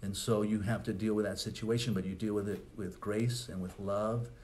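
A man's voice: fairly low pitch, fairly even intonation, moderate pace, darkish tone, slight background noise. A man, a pastor, preaching a conversational sermon with rhetorical questions and asides.

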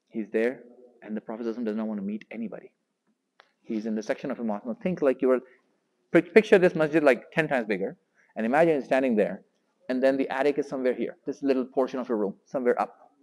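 Man preaching fast to a crowd, gets loud when quoting people, long echo from the big hall. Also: medium pitch. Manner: animated, raises voice sharply when quoting figures. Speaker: lecturer. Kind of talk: storytelling religious lecture.

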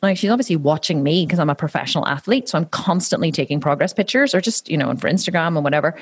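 A woman's voice: lowish voice, expressive, fast, slightly rough, dry recording. A woman in her forties, a professional athlete, chatting casually as an interview guest with frequent fillers and laughs. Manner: chatty, laughing, many restarts and "you know" fillers.

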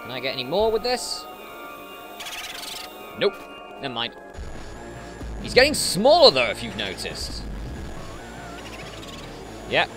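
A man doing let's play commentary, excitable and jokey, talking back at the game. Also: mid-range voice, slow pace, pauses often, soft background music.

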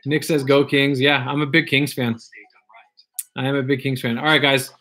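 A man's voice: medium pitch, little pitch movement, moderate pace, fairly bright tone. A man hosting a casual livestream, chatting loosely, reading viewer comments aloud and repeating himself. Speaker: livestream host opening card packs.

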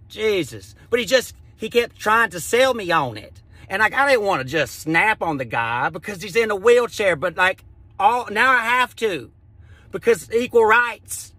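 A man's voice: sits high, expressive, sharp tone, dry recording. A man doing stand-up, telling a story with crude, exasperated rants. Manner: exasperated, crude, rapid ranting. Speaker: stand-up comedian.

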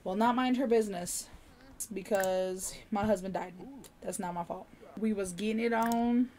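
A young woman streaming a life-sim game, joking loudly and swearing as she narrates her character's schemes. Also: mid-range voice, normal speed. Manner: loud, profane, jokey, voicing her character's lines. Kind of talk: casual gameplay commentary. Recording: game music playing loudly behind.

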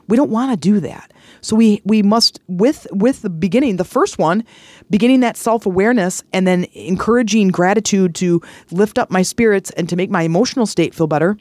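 A woman's voice: mid-range voice, fairly quick, darkish tone, dry recording. A woman podcast host and life coach giving a motivational self-help talk, earnest and encouraging, often repeating words for emphasis.

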